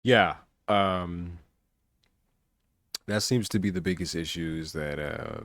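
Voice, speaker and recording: A man's voice: deep voice, slow pace, fairly bright tone. A man reacting to a video with blunt, exclamatory asides in casual commentary. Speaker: reaction streamer.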